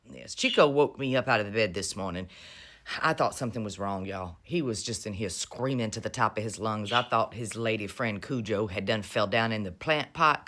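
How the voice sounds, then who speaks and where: A woman talks straight to camera in a loose, mocking vlog rant. Her pitch swoops up and down all the time. She drawls and teases, with a sarcastic bite. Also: a bit bright. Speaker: vlogger. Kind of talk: casual political commentary.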